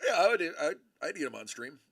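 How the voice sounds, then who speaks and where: A man hosting a casual livestream, with a gravelly, bright voice that swoops through a lively pitch range. He rambles and often restarts his sentences. His voice sits fairly high for a man. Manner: rambling, animated, self-correcting. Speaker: livestream host. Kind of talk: casual live-stream chat.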